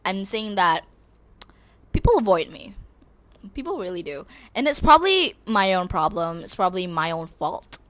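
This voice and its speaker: A woman's voice: lowish voice, sing-song, normal speed, a bit bright. A teenage girl talking casually and candidly to her viewers, rambling with restarts and growing exasperated as she rants. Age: teens. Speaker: vlogger. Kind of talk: casual confessional vlog.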